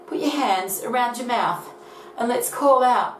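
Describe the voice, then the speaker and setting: A woman's voice: on the high side, unhurried, slight background noise. A woman teaching phonics to young children, telling a story and coaxing them to join in. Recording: roomy echo from a distance.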